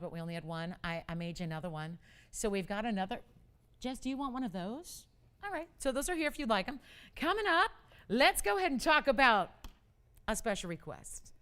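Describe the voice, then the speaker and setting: A woman hosts a live jewelry sales broadcast from a television studio. Her voice is smooth and resonant at a middle pitch. She is chatty and upbeat and talks straight to the viewers. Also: a bit bright. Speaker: jewelry shopping host.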